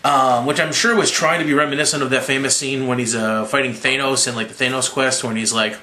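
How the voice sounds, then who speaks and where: A slightly drunk young man rambling through a profane, casual movie recap with quick impressions. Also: mid-range voice, steady tone, bright, forceful tone, reverberant. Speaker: movie reviewer.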